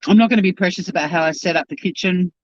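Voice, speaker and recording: A YouTube host with a slightly high voice chats very fast on his live-stream while eating, rambling between bites with his mouth full. His home camera mic gives a dry, close, slightly muffled lo-fi sound with no echo.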